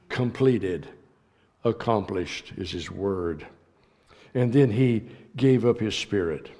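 Slow-preaching pastor man, echoing sanctuary. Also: medium pitch. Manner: slow preaching with wide swings from loud to hushed. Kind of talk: sermon. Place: church sanctuary.

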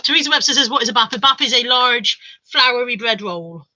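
A woman's voice: a little high, lively intonation, brisk, pushed and bright, a little hiss or hum, low-quality recording. A woman hosting a live stream, reading out viewer comments in a playful, mock-dramatic chat. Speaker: livestream host reading chat.

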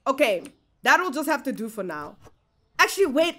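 A young woman giving casual, animated commentary as she plays a game, exclaiming and chatting to her viewers. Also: sits high, moderate pace, pauses often. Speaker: gaming streamer.

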